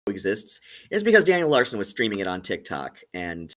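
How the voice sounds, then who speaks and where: A man's voice: lowish voice, wildly swooping pitch, fairly quick, a bit bright. A man hosting and giving casual commentary, hesitant with many fillers and restarts. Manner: hesitant, many ums and likes. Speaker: host.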